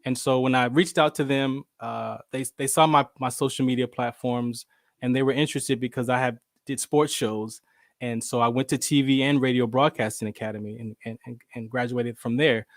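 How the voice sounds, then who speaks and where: A man telling stories in a casual interview, lively and acting out the voices of the people he quotes. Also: medium pitch, normal speed, no room sound, studio quality. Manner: animated, acts out quoted voices. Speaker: show host, veteran.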